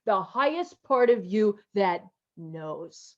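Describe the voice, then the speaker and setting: A woman pastor preaching a slow, emotional, repetitive sermon over a video call. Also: fairly high pitch, darkish tone, dull audio. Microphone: video call mic.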